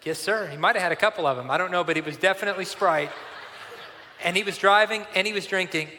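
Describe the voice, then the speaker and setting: A pastor in his forties delivers an animated, conversational sermon from the pulpit, leaning into a story and talking fast. His slightly high voice is bright and forceful, followed by the long reverb of a large church hall, with a little background noise.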